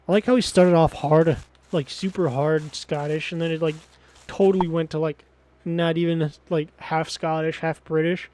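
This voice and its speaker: A man's voice: fairly high pitch, steady tone, normal speed, darkish tone, no echo. A man giving profane, exasperated let's play commentary on a game. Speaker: game streamer.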